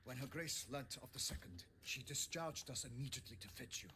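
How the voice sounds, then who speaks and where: An actor playing a solemn knight herald in a video game, speaking in formal, ceremonious, declamatory lines. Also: male voice, medium pitch, lively intonation, brisk, bright, forceful tone, slight background noise.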